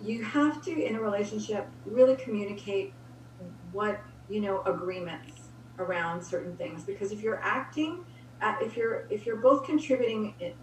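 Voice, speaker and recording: A woman guest giving relationship advice in an energetic way, acting out example dialogue. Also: mid-range voice, moderate pace. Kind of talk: casual conversation. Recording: roomy, distant mic with faint hum.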